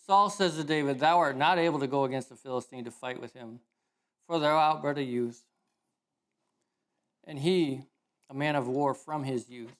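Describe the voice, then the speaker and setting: A man preaching a sermon in a casual, animated storytelling way, correcting himself as he goes. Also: mid-range voice, moderate pace, long pauses. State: emotional.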